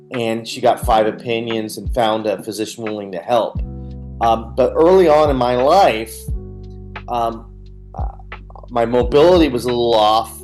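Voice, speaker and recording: A man's voice: medium pitch, a little mellow. A man, a guest on a radio interview, candidly telling his personal story and replaying scenes. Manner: earnest, candid, retells scenes with quoted dialogue.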